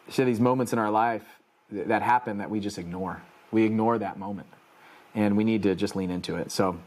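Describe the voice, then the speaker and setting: A man hosting a podcast, giving an earnest, preaching motivational monologue with repeated emphatic phrases. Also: on the low side. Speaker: podcast host.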